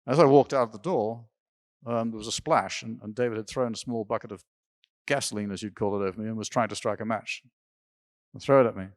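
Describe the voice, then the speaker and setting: Older guy telling old family stories, low voice, dry close sound, laughs a bit. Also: fast talker, no room sound. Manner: rambling anecdotes with laughs and restarts. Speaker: interview guest. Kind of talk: storytelling in an interview. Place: symposium stage.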